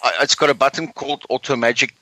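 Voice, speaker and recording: A man's voice: mid-range voice, steady tone, quick pace, bright, forceful tone, no room sound, poor audio. A man from South Africa, a guest joking dryly with small hesitations. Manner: dry joking, hesitant with ums. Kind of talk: casual podcast chat.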